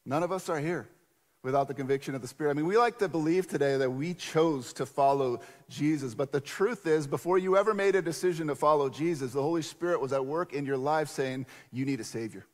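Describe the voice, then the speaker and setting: A man preaching a sermon in a conversational, animated storytelling way. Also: on the high side, fairly quick. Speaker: pastor. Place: church sanctuary. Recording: long church reverb.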